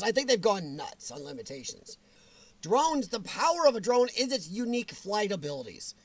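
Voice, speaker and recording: Host of a home livestream: man, high-pitched, blunt, joking, dry close sound. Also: no room sound. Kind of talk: casual livestream chat.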